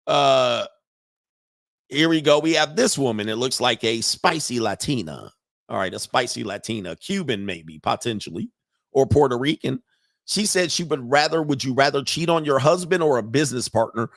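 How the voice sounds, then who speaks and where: A man's voice: medium pitch, lively intonation, normal speed, vocal fry, fairly bright tone, dry recording, studio quality. A middle-aged man hosting a commentary show, reacting to interview clips in a blunt, slangy, profane way. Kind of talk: casual commentary.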